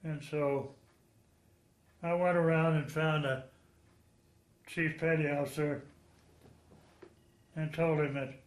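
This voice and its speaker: Slow-talking very old veteran, echoey room. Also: male voice, a little high. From Texas, United States. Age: 90s. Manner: rambling, frank storytelling with chuckles. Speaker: World War II veteran. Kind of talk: oral history interview.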